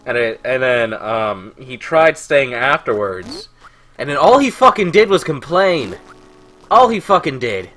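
A man's voice: mid-range voice, lively intonation, unhurried, pushed and bright, faint music behind. A man hosting a let's play, telling stories in casual gameplay commentary and ranting with a lot of swearing. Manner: profane, ranting storyteller.

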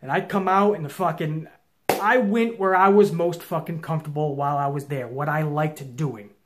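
A young man hosting his own show, telling a long story to viewers in a casual, profane, intense way that swings from low mutters to loud challenges. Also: moderate pace, noisy background. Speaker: show host.

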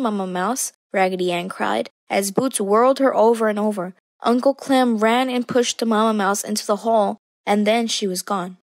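A young woman reads a children's storybook aloud in a steady, measured way. Her voice sits at a middle pitch, and the recording is close and dry with no room echo. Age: young adult. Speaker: storytime reader.

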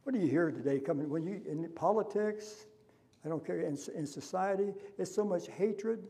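A man's voice: sits high, normal speed, creaky, mellow. A man preaching a sermon as pastor, impassioned and full of rhetorical questions, in a church. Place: church sanctuary.

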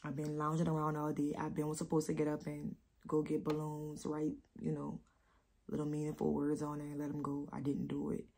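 Husky low-voiced New mother. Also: completely flat delivery, a little mellow. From New Orleans. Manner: candid, rambling, slow with many pauses. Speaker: vlogger, mother. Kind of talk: emotional casual vlog talk.

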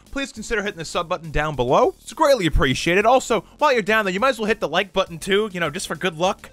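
Высокий, оживлённый голос молодого мужчины. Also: male voice, high voice. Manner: energetic, loud, brisk outro. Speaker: host reading posts with friends. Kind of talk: casual comedic chat.

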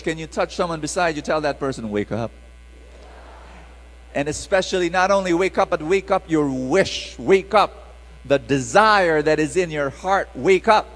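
A middle-aged man, preaching a sermon in an animated call-and-response style. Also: on the high side, big-room sound, rough recording.

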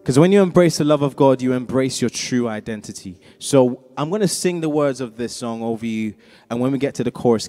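A man's voice: medium pitch, animated, a little fast, a little mellow. A man leading a congregation in song, urging them to sing along between sung lines. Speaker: worship leader. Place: large church hall. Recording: live church hall with reverb and band.

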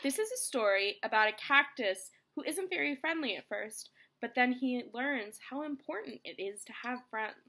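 A woman teacher reading a picture book aloud to children, expressive and talking to them as friends. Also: fairly high pitch, normal speed. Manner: expressive, addresses listeners as friends.

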